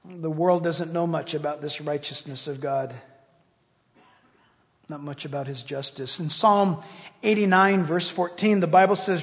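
A man pastor preaching a sermon with emphasis, swinging between loud passages and hushed ones. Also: fairly high pitch, measured pace. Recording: long hall reverb.

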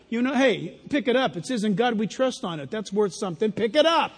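A man preaching a sermon as a pastor, in an animated style that mocks other voices in put-on quotes. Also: extremely high pitch, a little fast, few pauses, slightly rough. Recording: long reverb of a large hall.

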